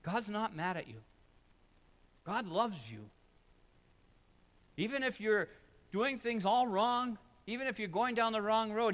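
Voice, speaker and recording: A man's voice: sits high, expressive, measured pace, long pauses, fairly bright tone. A man preaching a sermon as pastor, emphatic and building with repeated phrases, in a church sanctuary. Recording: long hall reverb.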